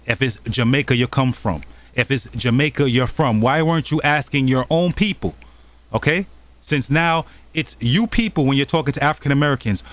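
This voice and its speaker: A man's voice: mid-range voice, a bit bright, no room sound. Man scolding in accusatory commentary. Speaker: channel host. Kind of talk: commentary over clips.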